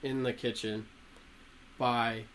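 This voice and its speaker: A young man in casual chat with friends tells rough anecdotes full of swearing. His voice sits at an ordinary middle pitch. A faint room noise hangs in the background. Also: takes it slowly, low-quality recording. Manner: profane, animated anecdote-telling with laughter. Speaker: storyteller among friends.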